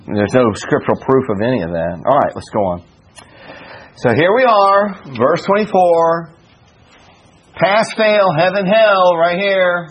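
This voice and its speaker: A man teaching a Bible study in a folksy, joking way, full of "you know" and shifts between raised preaching and low asides. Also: a little slow, slight background noise, poor audio.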